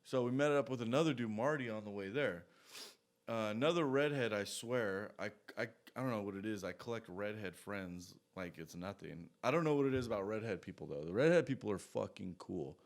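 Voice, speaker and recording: A man's voice: on the low side, lively intonation, brisk. Man, casual monologue storyteller, profane and rambling, lots of asides.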